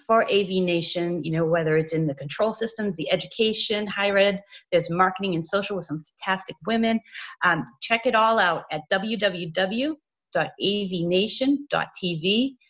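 A woman's voice: mid-range voice, moderate pace, fairly bright tone, dull audio. A woman hosting a casual podcast interview, rambling with lots of "you know" fillers. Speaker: podcast host.

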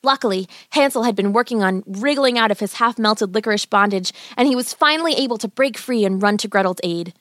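A woman narrating a children's fairy tale in a gentle, even storybook reading. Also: medium pitch, brisk, few pauses, no echo, studio quality.

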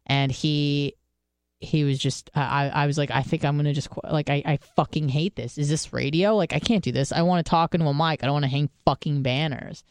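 She's a radio co-host in casual studio banter, speaking briskly in a smooth, clear, steady voice with a darkish tone, recorded dry and close. Candid and foul-mouthed, she stumbles through fillers and restarts, and her pitch leaps way up for quotes.

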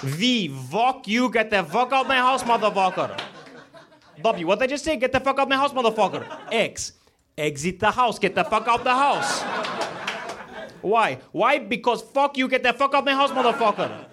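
Comic putting on an enraged, foul-mouthed man, high and swinging wildly, noisy live-club audio. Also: expressive, moderate pace. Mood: furious. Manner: shouted, profane, repetitive chant. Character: furious man yelling someone out of his house. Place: comedy club stage.

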